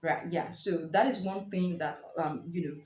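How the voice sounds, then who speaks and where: A woman giving a casual spoken book review, explaining in a lively way and acting out short reactions. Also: fairly low pitch, normal speed. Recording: roomy echo.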